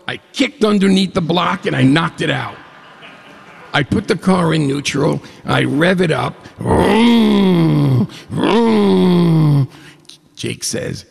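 A man telling a humorous personal story to an audience, animated, jumping up in pitch when he quotes dialogue. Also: vocal fry, husky. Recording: long hall reverb.

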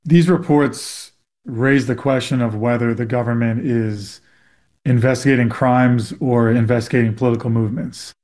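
A man from an advocacy group gives interview comments in a middle-pitched voice. He speaks with measured, deliberate phrasing. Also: fairly even intonation, darkish tone.

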